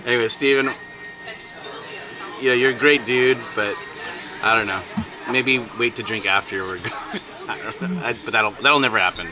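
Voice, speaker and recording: A man's voice: medium pitch, moderate pace, pauses often, over music. A man co-hosting a casual podcast chat, telling a long story with many restarts and bursts of laughter. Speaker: podcast co-host.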